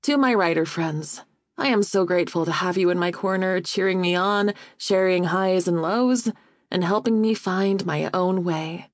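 A woman reading a novel aloud as an audiobook narrator, in a measured, expressive first-person telling on a close studio mic. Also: fairly low pitch, dry recording.

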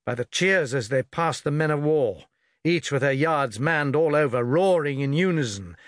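A man reading a novel aloud as an audiobook, in a measured, expressive storytelling manner. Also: fairly high pitch, no echo, clean studio sound. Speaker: audiobook reader. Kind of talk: scripted audiobook narration.

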